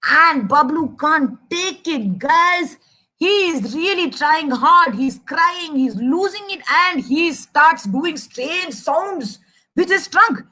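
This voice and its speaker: A young Indian woman telling a children's story, animated and chatty, speaking straight to the kids listening. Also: high voice, slow. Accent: Indian English. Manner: animated, addresses kids directly.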